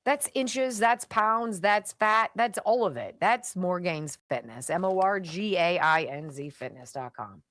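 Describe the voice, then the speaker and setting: A woman's voice: on the low side, a little slow, few pauses, a bit bright. A woman radio talk show host reading sponsor ads live in a chatty, emphatic, jokey way.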